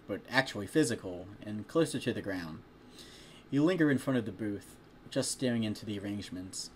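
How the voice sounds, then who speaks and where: A man's voice: mid-range voice, a little hiss or hum. A man casually reading a fan story aloud, chatty and stopping now and then to joke about the text. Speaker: fanfiction reader.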